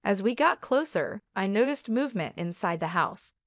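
A woman narrating a dramatic first-person story in an even, measured way. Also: mid-range voice, no room sound, studio quality.

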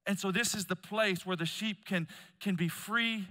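A middle-aged man preaching a sermon at a conference, telling stories with a lot of energy and swinging between loud and soft. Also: sits high, normal speed. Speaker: conference speaker. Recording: long hall reverb.

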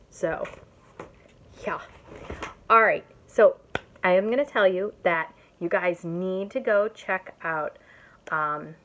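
Tired lady from indiana rambling thru her craft haul, giggly and chatty, kinda low voice. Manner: chatty, giggly, self-mocking, excitable. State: tired, up since early morning. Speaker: YouTube vlogger showing a haul. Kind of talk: casual haul vlog chat.

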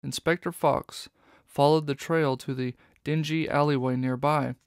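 A man reading an audiobook in steady, even scripted narration. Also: on the high side, unhurried, vocal fry, no room sound, studio quality.

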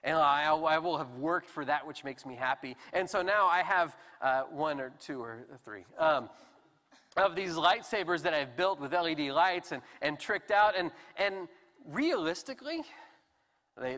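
A man preaching a sermon in a relaxed, conversational and self-deprecating way with animated emphasis. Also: a little high, moderate pace. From United States. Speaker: pastor. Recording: long hall reverb.

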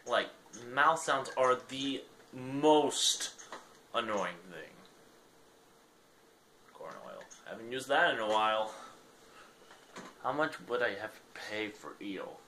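A man's voice: medium pitch, sharp tone, slight background noise. A young man giving casual gameplay commentary, rambling and self-deprecating. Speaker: gaming channel host.

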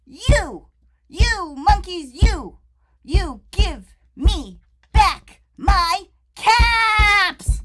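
A woman voicing an angry man who sells caps, shouting and scolding a troop of monkeys in a storybook reading. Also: extremely high pitch, lively intonation, extremely slow, noisy background, pitched above the performer's own voice, exaggerated voice. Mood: furious. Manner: shouting, scolding, wagging a finger. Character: furious grown man selling caps.

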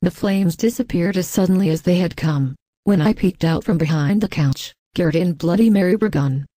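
Woman narrator, scripted story reading, even delivery, dark mellow tone. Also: lowish voice, normal speed. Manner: even, reads punctuation marks aloud.

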